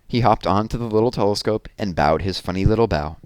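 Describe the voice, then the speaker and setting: A man reading a children's story aloud with a lively, expressive delivery. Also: on the low side, quick pace, hardly any pauses, smooth, no room sound, clean studio sound. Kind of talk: children's book read-aloud.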